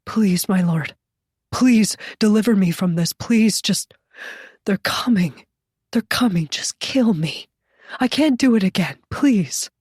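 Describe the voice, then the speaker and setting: A woman doing a tormented crucified man in an audiobook, desperate and half out of his mind. He pleads, then hisses low, urgent warnings in a dry, close sound. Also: animated, slow pace, darkish tone, slightly rough, no room sound. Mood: pleading.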